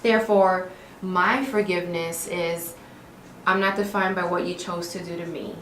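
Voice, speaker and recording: A woman's voice: fairly low pitch, moderate pace, echoey room, slight background noise, poor audio. A middle-aged woman of Puerto Rican and Dominican background, a talkative author guest speaking about faith and forgiveness in an interview. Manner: animated, talkative, preachy. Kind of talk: faith-based interview conversation.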